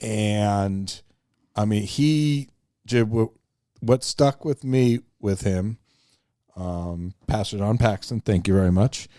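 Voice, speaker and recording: A man from the northern United States, co-hosting a faith podcast and telling a story in a lively, chatty way. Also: lowish voice, slow pace, dry recording, clean studio sound. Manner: animated storyteller, acts out quoted voices. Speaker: podcast co-host. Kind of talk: casual storytelling chat.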